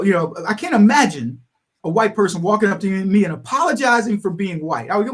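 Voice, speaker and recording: A man's voice: high voice, expressive, normal speed. A man hosting his own livestream, talking in a casual commentary monologue, laughing often and acting out little imagined dialogues. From United States. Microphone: livestream microphone.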